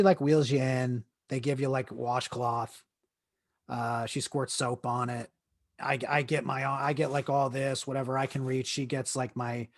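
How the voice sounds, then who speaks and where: A man's voice: medium pitch, no echo, studio quality. A man hosting his own podcast, telling a crude, joking story in a rambling way with many restarts while his leg hurts. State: in leg pain while seated. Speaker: podcast host. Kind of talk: casual storytelling monologue.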